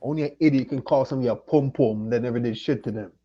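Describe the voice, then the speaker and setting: This is a fast-talking man with a medium-pitched voice, heard through muffled audio. He hosts his channel from Jamaica and, a bit drunk and high on liquor and weed, goes on an annoyed, profane, repetitive livestream rant.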